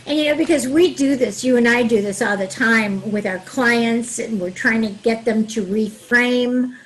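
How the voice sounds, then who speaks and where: A woman with a slightly raised pitch and a husky, breathy edge talks animatedly, acting out phrases people might say to each other. She speaks as a couples therapist in a casual advice chat. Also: normal speed, poor audio. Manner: warm, animated, acts out example phrases.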